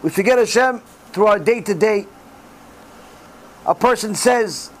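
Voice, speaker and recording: A man's voice: high-pitched, unhurried, pauses often, poor audio. A middle-aged man giving a sermon as a rabbi, telling stories with acted dialogue and sprinkling in Hebrew religious terms. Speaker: rabbi giving a Torah class.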